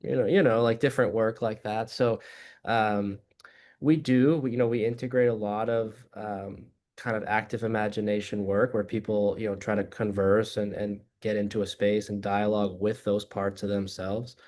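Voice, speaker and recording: A man being interviewed in a reflective conversation, earnest and explanatory, sometimes animated as he tells stories. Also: lowish voice, normal speed. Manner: animated storytelling, acts out voices in anecdotes. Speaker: guest, addiction treatment director.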